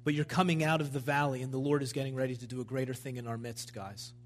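A man's voice: medium pitch, fairly even intonation, fast talker. A man preaching a sermon at a church service, in a fervent, emphatic style that builds in intensity.

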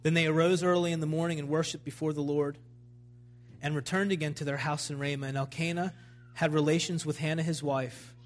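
A man's voice: a little high, fairly even intonation, fairly quick. A man preaching a sermon at a church service, in a fervent, emphatic style that builds in intensity.

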